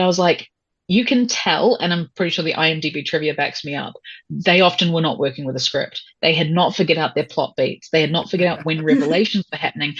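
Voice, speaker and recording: A woman with a New Zealand accent, a podcast guest picking a film apart with animated, sardonic commentary. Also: fairly low pitch, husky, dry recording, lo-fi sound. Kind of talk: casual film-review chat.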